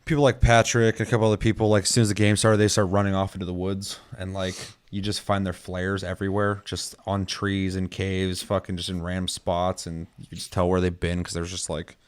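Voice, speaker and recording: A man with a fairly low voice chats casually on a gaming podcast. He tells long stories, rambling with lots of fillers and swearing. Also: little pitch movement, a little fast, few pauses, smooth. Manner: rambling storyteller, heavy swearing, many fillers. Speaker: podcast co-host.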